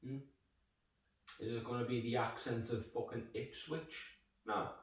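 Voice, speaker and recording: A man's voice: medium pitch, steady tone, unhurried, distant mic. A man with a Liverpool Scouse accent reviewing a beer in rambling, jokey, sweary chat. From Liverpool, England. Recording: echoey room, voice off-mic.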